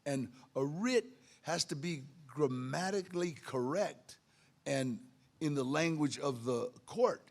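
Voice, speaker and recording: Gravelly man sharing his recovery story at a meeting, streetwise and animated in the dialogue. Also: on the high side, slow. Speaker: AA speaker.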